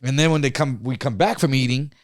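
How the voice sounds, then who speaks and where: A man co-hosting a podcast, telling a story in a casual, profane and animated way. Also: medium pitch, fast talker, noisy background. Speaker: podcast co-host.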